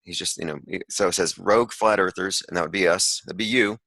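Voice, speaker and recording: Sarcastic man with a bright, dry voice. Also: sits low, a little fast, dry recording, rough recording. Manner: sarcastic, rambling, with frequent asides. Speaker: podcast host. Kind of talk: casual commentary reading an article aloud.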